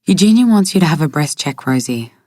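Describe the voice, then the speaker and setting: A woman reading as a soft, coaxing stepmother. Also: deep voice, lively intonation, a little fast, no echo, clean studio sound.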